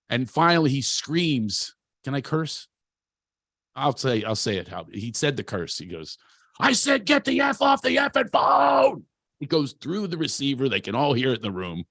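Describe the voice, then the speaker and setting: A man's voice: mid-range voice, creaky, a bit bright, no echo, studio quality. A man who works as a producer gives a candid, self-deprecating motivational talk, telling personal stories loosely with frequent restarts. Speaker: producer and speaker at a talent event.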